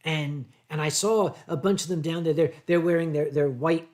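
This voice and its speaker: An older American man hosting a livestream, answering viewer chat in a rambling way with deadpan humor. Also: fairly high pitch, moderate pace. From United States. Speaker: livestream host.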